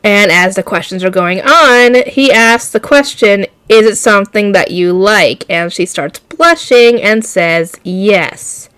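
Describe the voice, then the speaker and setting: A woman casually recapping an anime episode for her channel, rambling and excitable, jumping into loud shocked outbursts. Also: mid-range voice, measured pace, few pauses, smooth, no room sound. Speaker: anime reaction YouTuber.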